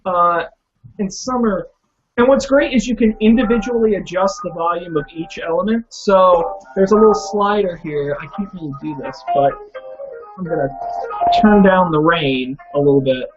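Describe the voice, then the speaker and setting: A man's voice: high voice, moderate pace, soft background music. A man hosting a casual tech podcast, chatty and enthusiastic as he recommends things. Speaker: podcast host. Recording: dull lo-fi audio.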